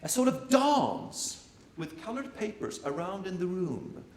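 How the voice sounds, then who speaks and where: A man in his forties giving an informal performance lecture to art students, talking haltingly with restarts and repeated phrases and addressing the audience directly. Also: sits high, big pitch swings, roomy sound. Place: lecture room at an art school.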